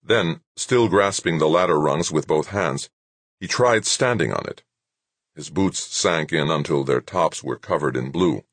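Male audiobook narrator, very deep, husky, dry close sound. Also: no room sound. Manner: steady, measured reading. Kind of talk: scripted narration.

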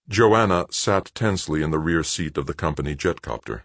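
Brief: low-voiced male narrator, dry studio read, measured. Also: animated, gravelly, no echo. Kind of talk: audiobook narration.

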